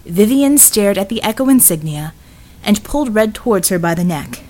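A woman narrating an audiobook in a measured, scripted style. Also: lowish voice, a little mellow.

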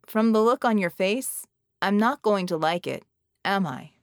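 Woman doing a sarcastic male genie, shapeshifter, quick mocking lines, audiobook, dry studio. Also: medium pitch, lively intonation, no room sound. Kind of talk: audiobook character voice.

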